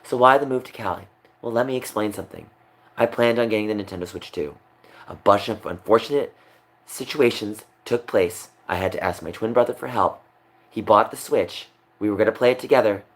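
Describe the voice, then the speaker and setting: A young man on a livestream, talking upset and rambling, repeating himself. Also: on the low side. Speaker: streamer. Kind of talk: emotional livestream monologue.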